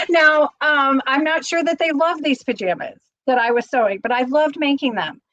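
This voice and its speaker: A woman's voice: high-pitched, moderate pace, fairly bright tone, rough recording. A middle-aged woman hosting a casual live stream, chatty and rambling, getting teary as she talks. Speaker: channel host.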